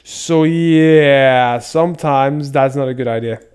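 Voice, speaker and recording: A man streaming a game live, chatting casually with viewers, excitable and swearing often. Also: mid-range voice, takes it slowly, clean tone.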